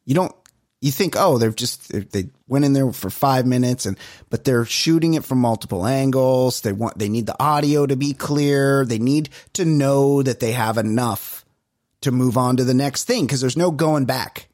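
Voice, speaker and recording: A man co-hosting a podcast, telling stories in casual chat with animated, exasperated swearing. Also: mid-range voice, moderate pace, no room sound, clean studio sound. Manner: animated, profane, exasperated storytelling. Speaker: podcast co-host.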